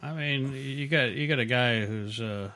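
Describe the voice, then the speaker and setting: A man's voice: mid-range voice, a little slow, bright, forceful tone. A man hosting a podcast, telling crude, joking stories in casual banter. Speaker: podcast host.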